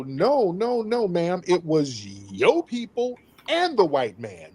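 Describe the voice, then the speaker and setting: Male host, high animated voice, emphatic and scolding commentary. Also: slow, hardly any pauses, slightly rough. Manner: emphatic, scolding, repeats himself; mimics others in mocking voices. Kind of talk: opinionated commentary on a call-in news show.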